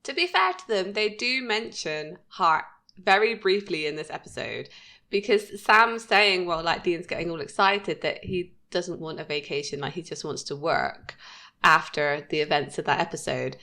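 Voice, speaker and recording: A woman in her thirties co-hosting a podcast, chatting casually about a TV episode and laughing often. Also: moderate pace. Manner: chatty, laughs often, lively pitch jumps. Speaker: podcast co-host.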